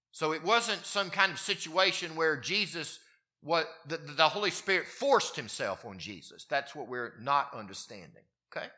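A man preaching a sermon, his voice moving from quiet, low passages up to emphatic, raised peaks. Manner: wide swings in pitch and loudness, rising to emphatic peaks. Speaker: pastor.

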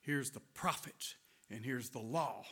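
A man voicing a solemn male divine voice from heaven, slow and grave. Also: mid-range voice, fairly bright tone, breathy edge, pitched below the performer's own voice.

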